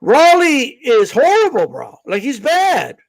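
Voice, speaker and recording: Podcast co-host, male, high voice, heated rant with restarts. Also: huge pitch swings, slow pace, vocal fry. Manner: fired up, profane, many restarts. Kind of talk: heated casual boxing talk.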